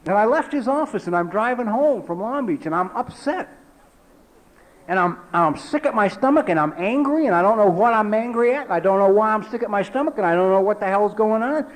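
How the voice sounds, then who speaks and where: A man in his forties telling a personal recovery story at a meeting, talking conversationally with lots of "you know" and dropping low and quiet for emphasis. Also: expressive, fairly quick, rough recording. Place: meeting hall.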